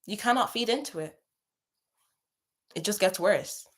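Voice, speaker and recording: A woman's voice: medium pitch, animated, unhurried. A young woman hosting a casual advice chat, talking in a chatty, emphatic way and repeating phrases for stress. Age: young adult. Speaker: advice host. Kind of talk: casual advice chat reading viewer messages.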